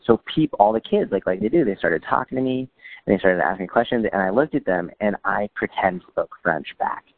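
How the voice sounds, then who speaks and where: A man's voice: fairly low pitch, a little fast. A man chatting as a guest, telling funny stories with dry humor and acting out what people said. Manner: dry humor, quotes people in lively voices. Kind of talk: casual storytelling chat. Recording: dry phone-like audio.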